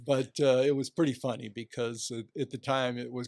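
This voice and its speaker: A man's voice: medium pitch, a little fast, gravelly, no echo, clean studio sound. A man in his sixties, an athletic director, telling anecdotes in a casual interview and briefly acting out other people's voices. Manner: animated anecdotes, acts out quoted voices. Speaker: guest, retiring athletic director.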